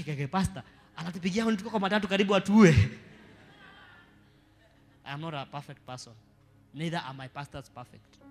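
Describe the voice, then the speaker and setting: Kenyan pastor preaching in a hall. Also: male voice, medium pitch. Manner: preaches with rising, shouted emphasis and playful Swahili asides. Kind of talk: sermon. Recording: live church sermon with long reverb and faint music.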